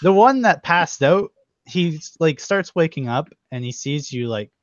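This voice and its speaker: A young man narrating as game master, laughing as he quotes characters in quick snatches. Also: fairly high pitch, lively intonation, dry recording. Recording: dull, dry lo-fi recording.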